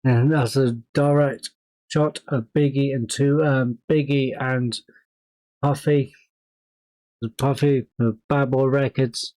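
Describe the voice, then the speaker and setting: Male reaction host, mid-pitched, loose chatty delivery, dry sound. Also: darkish tone, dry recording, poor audio. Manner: rambling, swears, laughs often. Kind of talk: casual reaction commentary.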